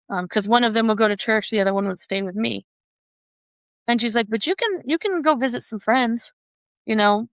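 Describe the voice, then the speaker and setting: A woman who is a podcast guest, telling a personal story in an animated way, often laughing and acting out the voices of other people. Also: medium pitch, dry recording, highs cut off.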